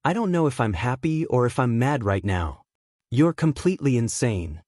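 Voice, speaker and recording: A man's voice: medium pitch, animated, moderate pace, darkish tone, dry recording, clean studio sound, lightly acted. A man voicing an emotional, stubborn twelve-year-old ninja boy in a storybook reading, with a slightly raised, hesitant delivery. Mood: upset.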